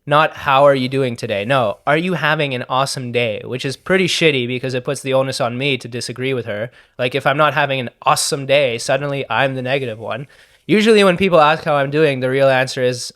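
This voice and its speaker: A man doing an annoyed, deadpan storyteller. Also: mid-range voice, close to an everyday voice. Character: annoyed, sardonic grown man telling a grim story. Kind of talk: practice acting monologue.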